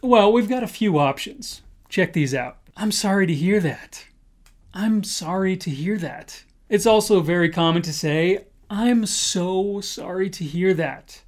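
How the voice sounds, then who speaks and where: A man's voice: high-pitched, expressive, unhurried. A young man teaching a casual English lesson, playfully acting out example phrases.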